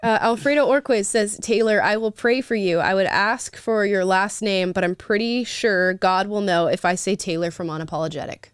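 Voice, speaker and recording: Woman host, mid pitch, sarcastic and quick to laugh, close and dry sound. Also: smooth, dry recording. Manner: lively, laughs often, sarcastic asides. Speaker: livestream host reading viewer comments. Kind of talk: casual live chat.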